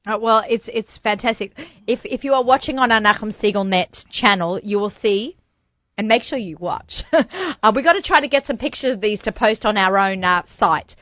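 A woman's voice: medium pitch, normal speed, dry recording. A woman with an Australian accent hosting a casual radio interview, chatty and laughing often. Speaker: radio show host. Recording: dull lo-fi studio sound, dry.

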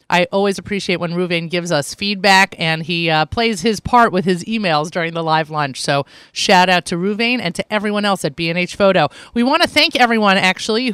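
A woman's voice: medium pitch, a bit bright, smooth, no room sound. Chatty upbeat woman radio host. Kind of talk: morning radio chat. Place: radio studio. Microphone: studio microphone.

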